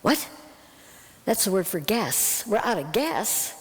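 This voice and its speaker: A woman missionary telling a lively story to an audience, her voice jumping up when she recounts her anger. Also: mid-range voice, normal speed, long reverb tail. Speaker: missionary Bible translator.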